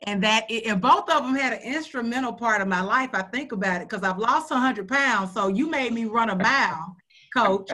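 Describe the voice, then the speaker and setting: A woman's voice: a little high, moderate pace, sharp tone. A woman radio host, hosting a video call in a heartfelt, earnest way. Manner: heartfelt, earnest, near tears at times.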